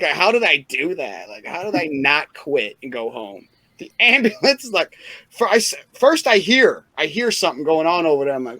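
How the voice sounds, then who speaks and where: A higher-pitched man from Missouri spins crude, profane childhood stories in a loose podcast chat, often laughing as he goes. The recording is dry and close, with no room to it. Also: dry recording. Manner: laughing, profane, animated storytelling. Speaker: podcast co-host. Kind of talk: casual storytelling chat.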